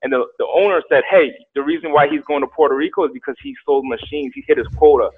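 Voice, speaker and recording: A young man telling a story casually, animated, acting out quotes and repeating words. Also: on the high side, quick pace, husky. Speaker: guest telling his story. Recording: tinny phone-like sound.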